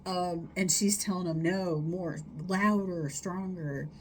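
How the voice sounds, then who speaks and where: A middle-aged woman therapist speaks in a slow, slightly low voice, chatting casually and wandering between thoughts. She demonstrates breaths and sighs aloud as she explains them. A faint hiss of background noise runs under her voice. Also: fairly even intonation. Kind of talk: casual solo talk giving wellness tips.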